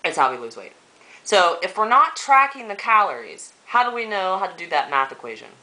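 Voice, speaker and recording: A middle-aged woman talking straight to camera in a personal vlog, earnest and halting, with lots of fillers and pauses. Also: medium pitch, very animated, pushed and bright, poor audio. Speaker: vlogger. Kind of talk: emotional personal vlog talk.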